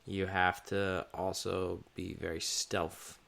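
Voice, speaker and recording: A man's voice: low voice, flat delivery, slow pace, creaky, fairly bright tone. A man co-hosting a podcast, chatting casually about video games with frequent restarts and fillers. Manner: rambling, many restarts and fillers. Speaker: podcast co-host. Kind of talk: casual gaming chat.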